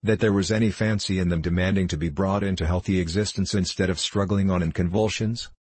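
Deep, husky man narrating a classic novel. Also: steady tone, a little mellow, no echo. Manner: measured, formal, ironic. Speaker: audiobook narrator.

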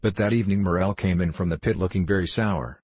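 Deep, husky male narrator. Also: fast talker, darkish tone, no room sound. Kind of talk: audiobook narration of a novel.

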